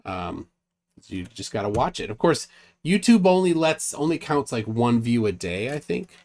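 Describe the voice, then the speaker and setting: A man's voice: mid-range voice, sing-song, normal speed, darkish tone. Male host of a casual online stream, reads lists aloud, loose and rambling. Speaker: livestream host. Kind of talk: casual livestream chat.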